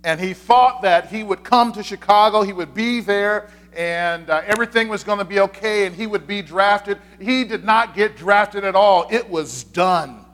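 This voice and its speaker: A man's voice: high-pitched, normal speed, hardly any pauses, fairly bright tone. A man, a pastor, giving a conversational sermon, repeating his key points with frequent fillers.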